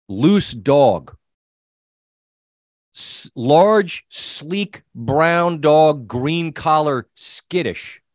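A middle-aged man hosting a sports talk show, telling an animated story and acting out the people in it. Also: on the high side, no echo, studio quality. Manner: animated storyteller, quoting himself and others. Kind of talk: casual storytelling chat.

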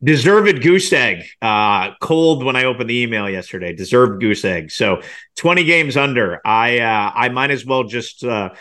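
Brief: male podcast co-host, bright, tense tone, halting and self-mocking. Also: medium pitch, expressive. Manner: self-deprecating, halting with many restarts. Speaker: podcast co-host, sports reporter. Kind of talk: sports podcast chat.

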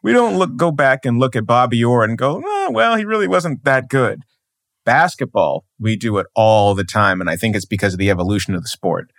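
A man's voice: fairly low pitch, brisk, hardly any pauses, fairly bright tone, no room sound, clean studio sound. A man, a sports journalist, speaking emphatically as a podcast guest and building his points with repeated phrases. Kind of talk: podcast interview.

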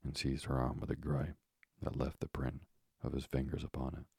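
A man narrating a bedtime sleep story in a slow, soothing, breathy whispered role-play. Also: rumbling low, completely flat delivery, dark tone, no echo.

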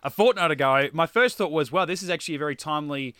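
A man's voice: a little high, fast, bright, forceful tone, clear, resonant tone, no room sound, clean studio sound. A man hosting a podcast in casual chat, chatty, reading blurbs aloud playfully. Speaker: podcast host.

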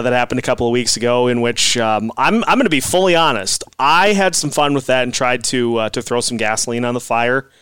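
A man's voice: mid-range voice, a bit bright, clear, resonant tone, no echo. Guy hosting a podcast, laid back, rambly, dry close mic. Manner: easygoing, rambling with fillers. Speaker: podcast host. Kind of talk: casual podcast chat.

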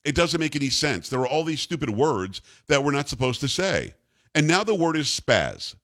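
Blunt, lively older male radio host. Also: on the high side, moderate pace. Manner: blunt, combative, jokey. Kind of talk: opinionated talk radio rant.

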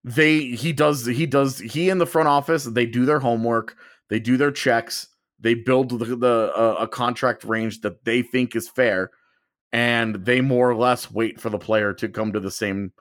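A man's voice: medium pitch, measured pace, no room sound, studio quality. A man co-hosting a hockey podcast in casual chat, rambling and often correcting himself. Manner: rambling, self-correcting, animated. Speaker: sports podcast co-host.

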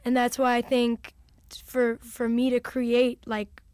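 A woman's voice: on the high side, completely flat delivery, measured pace, darkish tone, smooth, no room sound, studio quality. A young adult woman musician chatting casually as an interview guest, full of "like" and "you know".

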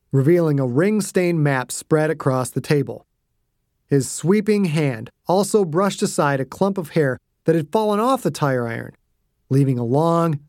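A man's voice: fairly high pitch, darkish tone, no room sound, studio quality. Man narrating a gritty thriller. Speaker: author and narrator. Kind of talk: scripted audiobook narration.

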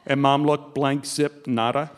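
An older man from Texas telling a comic personal anecdote as a guest, animated and chuckling as he talks. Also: mid-range voice, unhurried, in a large hall. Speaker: guest storyteller.

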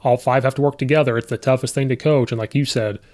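A man's voice: mid-range voice, fairly even intonation, fast talker, darkish tone. Man telling coaching stories on a podcast. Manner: storytelling, quotes players and himself. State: voice sometimes hoarse from coaching. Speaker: podcast host and high school coach. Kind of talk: casual podcast chat.

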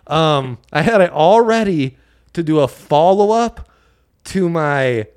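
A man from Colorado, United States, co-hosts a podcast, trading casual banter, jokey and animated, and laughing often. His voice is fairly high, smooth, and slow-paced.

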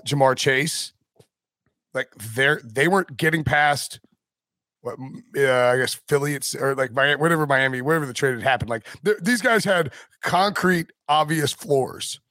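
A man's voice: on the high side, bright, forceful tone, no room sound, clean studio sound. Rambling man talking football drafts. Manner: rambling, many restarts and fillers. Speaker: podcast host. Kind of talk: casual sports talk.

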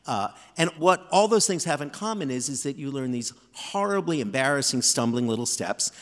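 A man in his fifties, an author guest in a live stage interview, telling self-deprecating stories in an animated way. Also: mid-range voice, normal speed. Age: 50s. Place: theater stage before live audience. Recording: long hall reverb from stage.

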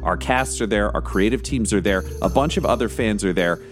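A man's voice: on the low side, a little fast, soft background music. A man hosting a podcast, reading an upbeat promotional message. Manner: upbeat, salesy. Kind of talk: promotional read.

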